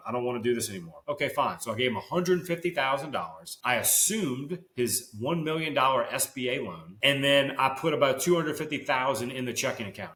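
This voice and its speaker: A man guesting on a podcast, telling his business story in a casual, excitable way with salty slang and lots of fillers. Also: mid-range voice. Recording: roomy echo.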